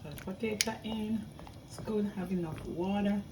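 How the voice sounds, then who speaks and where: A chatty, excitable woman hosts a home cooking vlog at a mid-range pitch, often calling out to her viewers. She stands some distance from the mic, and the loud bubbling of a pot on the stove runs under her voice. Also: normal speed. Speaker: cooking channel host. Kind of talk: casual cooking vlog chat. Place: home kitchen. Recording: voice far from the mic over loud boiling pot noise.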